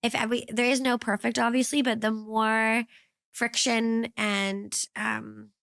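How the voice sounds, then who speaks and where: A woman's voice: on the high side, flat delivery, unhurried, a bit bright, no room sound, clean studio sound. A woman in her thirties, a guest speaking about her own parenting in a casual, reflective way, full of fillers and restarts. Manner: rambling, reflective, many fillers. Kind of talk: casual conversational interview.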